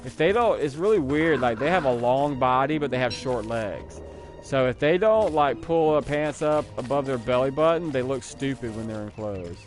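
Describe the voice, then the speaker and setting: A man's voice: medium pitch, lively intonation, normal speed. A man live streaming who chats in a casual, rambling and digressive way, talking back to his viewers. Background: music.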